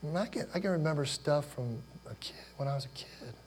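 Choked up, an Ohio pastor in his forties preaches conversationally, weaving in personal stories and questioning the congregation. He speaks fast in a fairly high, expressive, darkish voice, with a little hiss or hum on the recording.

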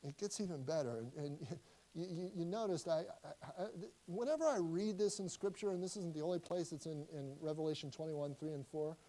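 A middle-aged man preaching from the pulpit. His voice sits a little high but sounds dark and mellow. He talks in a conversational way, stumbles into restarts, then slows down hard on emphatic lines. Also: low-quality recording. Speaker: pastor. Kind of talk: sermon.

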